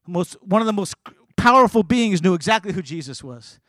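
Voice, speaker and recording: Fast, high-voiced preaching man. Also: expressive, no echo. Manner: emphatic, rising to loud preaching. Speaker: pastor. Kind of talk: sermon.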